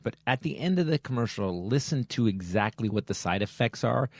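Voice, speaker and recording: A man hosting a comedy podcast, riffing with animated shifts and sudden shouts. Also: mid-range voice, fairly quick, creaky, no room sound.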